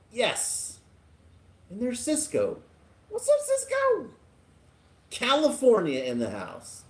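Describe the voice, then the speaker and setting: A man's voice: fairly low pitch, a little mellow. A man hosting a casual live stream, chatting and laughing as he reads viewer comments aloud. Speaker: livestream host.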